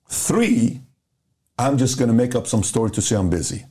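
A man with a dark, mellow voice talks through his reasoning on a casual podcast. He counts off his points one by one in a direct, conversational way. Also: lowish voice, very animated, normal speed. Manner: explains step by step, counting off points. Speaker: podcast host.

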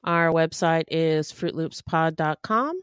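A woman co-hosting a true-crime podcast, calm and measured as she gives practical advice. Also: deep voice, clean tone, no echo, clean studio sound. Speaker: podcast co-host.

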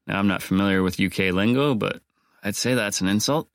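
Male podcast host, low voice, dry close-miked sound, joking and casual. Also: a little fast, no room sound. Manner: wry, joking asides.

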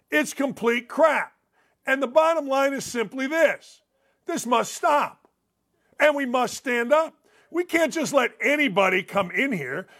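A man's voice: very high-pitched, fairly bright tone. A man hosting a sports talk show, delivering a combative, opinionated monologue that repeats points for emphasis. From United States.

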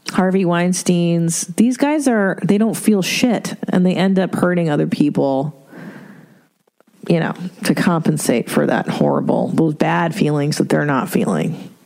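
A middle-aged woman hosts an advice podcast in a casual monologue, speaking candidly and with profanity, laughing and tossing in rhetorical asides. Her voice is lowish, gravelly and darkish in tone, and she keeps a measured pace.

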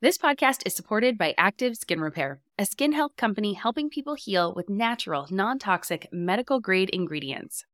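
A woman's voice: mid-range voice, lively intonation, normal speed, few pauses, a bit bright, no room sound, clean studio sound. A woman host reading a sponsor ad in an upbeat, chatty way. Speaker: podcast host. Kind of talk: read ad.

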